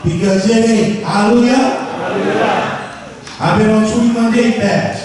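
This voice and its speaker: A man's voice: high-pitched, steady tone, normal speed, a crowd in the background. A man preaching a sermon with call and response, acting out voices for laughs. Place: large worship hall. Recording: echoey hall from far off.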